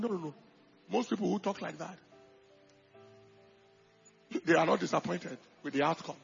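A male pastor preaching a sermon, swinging from quiet asides to loud emphatic bursts and acting out the people he quotes. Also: a little high, moderate pace, gravelly, pauses often, husky, muffled recording, faint music behind.

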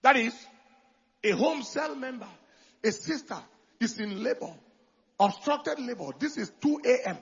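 A man preaching a sermon as pastor, swinging from quiet talk to loud calls for the congregation to answer. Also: extremely high pitch, expressive, a little slow, vocal fry, long pauses, slightly rough, dull audio.

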